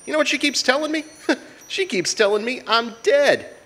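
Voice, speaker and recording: A man's voice: very high-pitched, lively intonation, normal speed, sharp tone, slight background noise, full character voice. An actor playing a cocky young prize fighter who talks in tough-guy slang, in 1940s radio acting. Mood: indignant.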